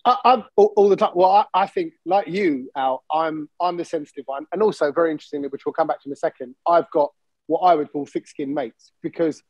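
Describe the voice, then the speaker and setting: Brief: male podcast host, high, quick talker, husky and dry, animated storyteller. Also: no room sound, dull audio. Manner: animated, acts out quoted voices. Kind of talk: casual chat.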